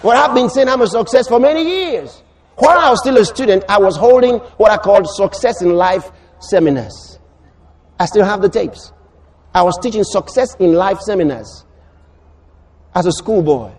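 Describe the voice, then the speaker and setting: A man preaching a sermon, emphatic and repetitive, rising to shouts. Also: high voice, expressive, moderate pace, slight background noise.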